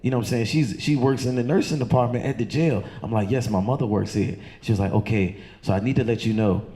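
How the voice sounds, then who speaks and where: This Chesterfield County, Virginia man talks fast, with a dark tone, while telling loose, profane stand-up stories at a comedy club. He slips into high squeaky voices to play the people he describes.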